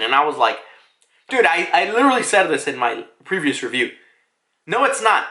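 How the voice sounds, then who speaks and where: An excitable man recaps a manga chapter in a loose, swearing, laughing way. His voice is high, bright and animated. A roomy echo surrounds it. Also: a little fast. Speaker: manga reviewer.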